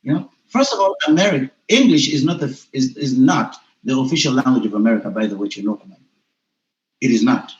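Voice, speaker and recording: A Ugandan man, a teacher, a guest on a call, arguing his points in an animated, insistent way. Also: medium pitch, a little fast. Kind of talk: casual debate mixing Luganda and English. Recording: dull, echoey room sound.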